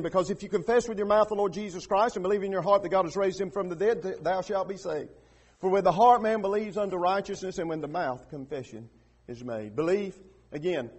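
A man preaching a sermon in a church, building from quiet, hushed passages to loud, emphatic peaks with repeated rhetorical questions. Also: high voice, breathy edge. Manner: repetitive call-and-response questioning. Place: church with radio and online broadcast.

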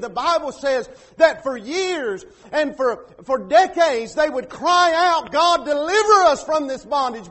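High-voiced pastor preaching. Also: male voice. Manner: folksy preaching with sudden loud acted quotes. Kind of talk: sermon.

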